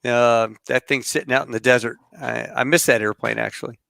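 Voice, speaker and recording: A middle-aged man hosts a casual podcast, talking at an easy, rambling pace full of fillers and pilot shop talk. His voice is smooth and clear at a middle pitch, with a dry, close sound. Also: a little fast, no room sound. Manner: relaxed, rambling with fillers and aviation slang. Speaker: podcast host.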